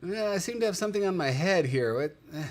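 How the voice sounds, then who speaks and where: A man's voice: sits high, lively intonation, fast, voice pushed up. A man voicing a puzzled male bison with something stuck on its head, speaking in a goofy, mock-confused way, as a joke over an animal clip. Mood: baffled.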